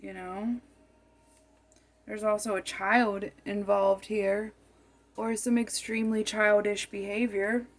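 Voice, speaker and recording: A woman's voice: mid-range voice, level tone, takes it slowly, long pauses. A woman giving a tarot card reading, musing aloud and often repeating and rephrasing her phrases as she goes.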